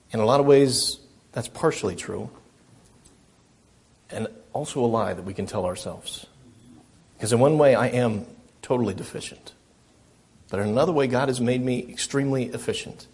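A man's voice: medium pitch, moderate pace, pauses often, a little mellow, breathy edge. A middle-aged man preaching a sermon as a pastor, earnest and self-deprecating, often repeating his phrases.

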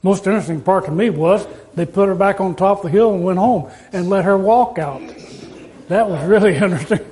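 A man's voice: high-pitched, a little fast, darkish tone. A man preaching a sermon in a folksy, storytelling way, asking his listeners rhetorical questions.

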